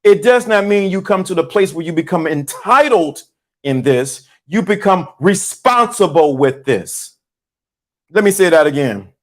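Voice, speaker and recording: High-voiced man preaching to his chat. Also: expressive, unhurried. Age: 50s. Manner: preachy, repeats lines for emphasis. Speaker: host. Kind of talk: motivational talk to a live chat.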